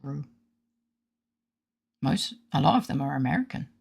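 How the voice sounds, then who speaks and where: A woman's voice: low voice, lively intonation, a little slow, vocal fry, a little mellow, husky. A woman streaming a game, joking casually with her chat and reading game lines aloud between giggles. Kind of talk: casual gaming stream commentary.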